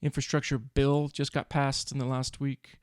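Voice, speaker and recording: A man's voice: medium pitch, flat delivery, moderate pace, darkish tone, no echo, studio quality. A man co-hosting a finance podcast in casual chat, explaining things with frequent restarts. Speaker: podcast co-host.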